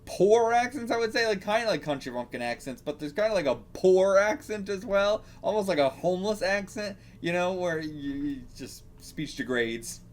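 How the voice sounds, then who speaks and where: A man's voice: high-pitched, expressive, moderate pace, hardly any pauses, slight background noise. A man reacting to a manga, rambling casually, swearing and laughing as he reads.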